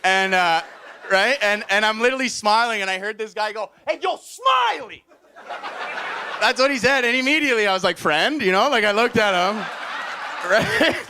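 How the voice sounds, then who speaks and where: A young man from Alberta, a stand-up comic rambling nervously and excitably on stage, swearing and full of fillers. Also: high voice, fairly quick, noisy background. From Edmonton, Alberta, Canada. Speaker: stand-up comedian guest. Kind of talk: rambling storytelling on a live comedy show.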